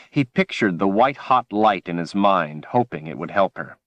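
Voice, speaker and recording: A man reads a fantasy audiobook in a measured, dramatic style. His voice is very deep and sits close to the microphone. The sound is dry, with no room echo at all. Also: lively intonation, muffled recording. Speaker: audiobook narrator. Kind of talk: audiobook narration.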